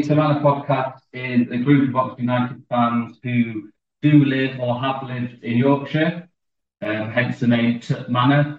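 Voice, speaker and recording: A man, a football fan guest, talking hesitantly with many ums. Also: medium pitch. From England. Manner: hesitant, lots of ums, self-deprecating. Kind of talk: remote podcast interview. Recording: roomy distant dull call audio.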